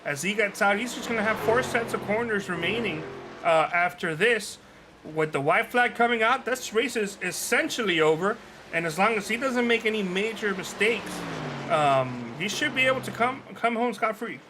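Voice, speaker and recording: A man giving color commentary on a sim race broadcast, relaxed with dry asides. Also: high-pitched, moderate pace, noisy background.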